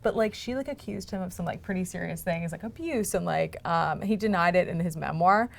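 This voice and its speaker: A woman's voice: lowish voice, fairly quick, vocal fry, slight background noise. A woman hosting a podcast, recounting celebrity stories in a chatty, gossipy way. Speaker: podcast host. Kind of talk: casual chat.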